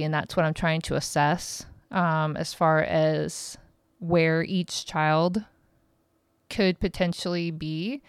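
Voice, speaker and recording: A woman in her thirties talks through her podcast in a loose, rambling way, frank and quick to swear. Her voice sits low and comes across smooth and clear. The sound is dry and close, with no room around it. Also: dry recording. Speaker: podcast host. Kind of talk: casual monologue.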